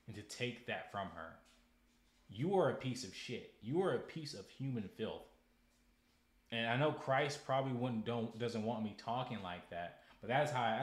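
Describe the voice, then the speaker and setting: A young man with a fairly low voice talks through a casual podcast monologue, stumbling over and repeating words as he turns preachy and heated. His voice rings around an echoey room. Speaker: podcast host.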